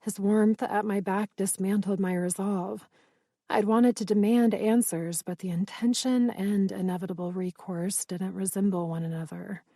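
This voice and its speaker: A woman reading a romance audiobook in the first person, measured and intimate, on a close studio mic. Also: mid-range voice, fairly even intonation, warm tone, dry recording. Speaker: audiobook narrator.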